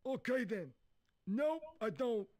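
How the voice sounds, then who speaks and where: A high, chirpy clown-loving guest. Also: male voice, lively intonation, takes it slowly, darkish tone, slight background noise, exaggerated voice. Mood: blunt. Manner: folksy, chirpy and blunt. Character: jolly, clown-loving hotel guest, simple and cheerful. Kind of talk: video game voice acting.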